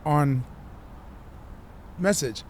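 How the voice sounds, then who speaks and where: A man, a musician guest on a podcast, telling his story in an animated, profane way and acting out what people said. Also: a little high, extremely slow, a little hiss or hum. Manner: animated, profane, acts out quotes.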